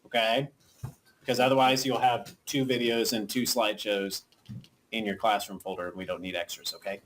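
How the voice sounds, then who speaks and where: A woman's voice: extremely low pitch, steady tone, normal speed, a little hiss or hum. A woman teacher giving patient, coaxing instructions to a class of children in a school classroom. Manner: patient, coaxing, frequent okay checks.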